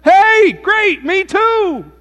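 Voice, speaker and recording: A man doing a squeaky, gushing rescuer. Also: expressive, moderate pace, a bit bright. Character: eager, chummy man rescuing a jumper. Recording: reverberant hall with mains hum.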